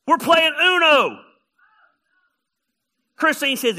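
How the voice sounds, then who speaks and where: A man preaching a sermon, telling funny stories and often raising his voice to a shout. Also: extremely high pitch, takes it slowly, long pauses. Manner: animated, often shouting, storytelling. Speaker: pastor.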